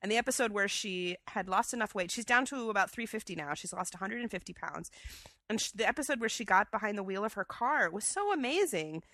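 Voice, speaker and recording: A woman co-hosting a chatty podcast, talking with eager enthusiasm and loose fillers. Her tone is bright and forward, and her mid-range voice sounds dry and close to the mic. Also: medium pitch, expressive, fast, no room sound. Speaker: podcast co-host. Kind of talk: casual chat.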